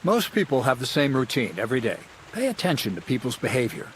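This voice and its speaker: A sly, scheming thief mentor in a medieval video game, talking in a wry, mocking, conspiratorial way. His voice sits mid-pitch, with a faint hiss of ambience behind it. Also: sing-song, fast, fairly bright tone. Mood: instructive. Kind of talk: studio video game dialogue.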